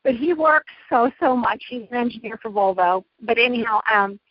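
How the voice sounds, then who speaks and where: A woman's voice: on the high side, lively intonation, moderate pace, husky, no room sound. A middle-aged woman, a guest in a casual interview, talking in a chatty, effusive way. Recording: dull lo-fi dry line.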